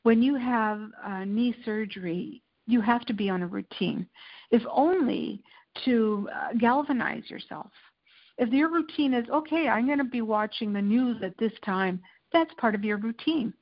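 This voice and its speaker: Give me a woman guest telling a personal story in an animated way, with slightly dull sound. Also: on the high side, normal speed. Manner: animated, tells anecdotes with acted-out quotes. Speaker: interview guest, lifestyle and food editor. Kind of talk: candid conversational storytelling.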